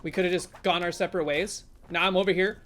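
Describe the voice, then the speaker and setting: A woman's voice: fairly low pitch, steady tone, fast, slight background noise. A woman streamer giving casual live commentary on a game, chatty and talking to her viewers, with sudden startled exclamations. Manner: chatty, talks to chat, jumpy exclamations.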